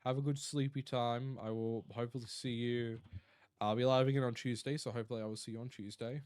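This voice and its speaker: A man's voice: mid-range voice, fairly even intonation, fast talker, darkish tone, smooth, no echo. A tired Australian man chatting casually on a live stream, rambling and reading out chat messages. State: tired, yawning.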